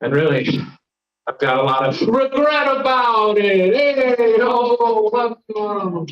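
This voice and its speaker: A man's voice: sits high, animated, slow pace. A young man from Florida doing a live stand-up set, rambling, self-deprecating and riffing with the crowd. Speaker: stand-up comedian and host. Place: comedy stage. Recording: lo-fi live stream audio.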